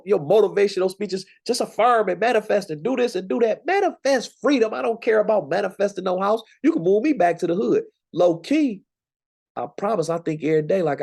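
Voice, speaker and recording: Gravelly, animated man teaching scripture. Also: medium pitch. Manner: conversational, preachy, slangy and emphatic. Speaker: Bible teacher.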